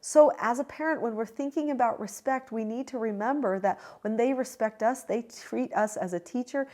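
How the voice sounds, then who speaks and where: A woman hosting her own channel, giving parenting advice in a calm, measured and directive way. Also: fairly high pitch. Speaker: parenting educator and channel host. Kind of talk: direct-to-camera advice talk.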